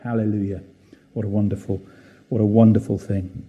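Male preacher, low and very dark tone, unhurried and reflective, church service sermon. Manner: gentle, warm and reflective, with many fillers.

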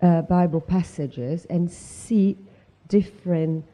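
Slow, thoughtful low-voiced woman. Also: dark tone. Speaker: Bible study participant. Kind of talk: group discussion. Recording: dull lo-fi audio.

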